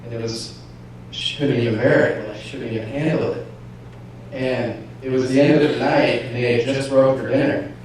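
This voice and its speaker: A man preaching a personal testimony, playing out both sides of an inner argument. His voice drops to a murmur and then climbs to a shout. It is heard from far off in a very echoey church hall, with a faint hum underneath. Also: medium pitch, steady tone, moderate pace. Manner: storytelling, acts out inner dialogue, swings from hushed to shouting. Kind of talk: sermon testimony.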